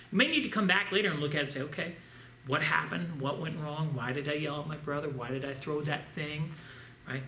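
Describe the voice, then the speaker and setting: A man's voice: fairly high pitch, pushed and bright. A man teaching a children's martial arts class online, coaching upbeat and often checking in with the kids. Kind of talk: online kids' class instruction. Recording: echoey room with faint ambient noise.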